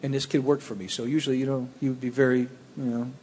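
Man, personal testimony, plainspoken, animated storytelling, roomy hall reverb, faint background hum. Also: mid-range voice, fast. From Cleveland area. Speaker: speaker telling his testimony.

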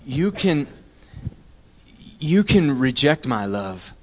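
A male pastor preaching to his congregation in a calm, measured way. His voice rings through a large hall with long reverb. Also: mid-range voice, slight background noise. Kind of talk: sermon.

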